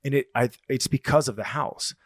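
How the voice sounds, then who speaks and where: A podcast co-host rambles casually and swears as he retells stories, doing quoted voices along the way. His medium-pitched voice moves a little fast, captured in a dry, clean studio recording.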